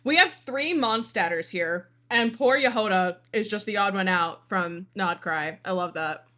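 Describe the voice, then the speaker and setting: A woman streamer reacting to a game broadcast in an excitable, gushing way. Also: medium pitch, measured pace. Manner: excitable, gushing, mock outrage.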